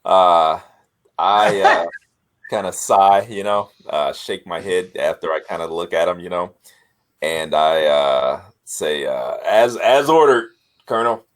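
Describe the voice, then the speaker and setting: A man playing a tabletop game, speaking haltingly with many fillers and frequent laughter. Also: deep voice, fairly even intonation. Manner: halting, full of uhs, laughs often. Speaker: player.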